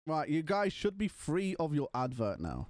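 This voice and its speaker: A man's voice: a little high, sing-song, moderate pace, dry recording. A young British man chatting casually and a bit scatterbrained to his live-stream chat. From Britain.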